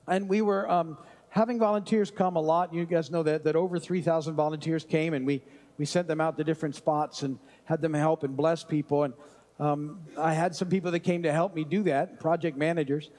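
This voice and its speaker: A pastor telling a personal story in a relaxed, conversational sermon, with frequent restarts and asides. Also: male voice, high-pitched.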